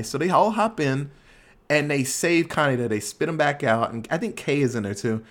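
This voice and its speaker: A man's voice: fairly high pitch, normal speed. A man co-hosting a casual movie podcast, laid-back and swearing freely as he recaps the film. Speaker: podcast co-host. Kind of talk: casual movie review chat.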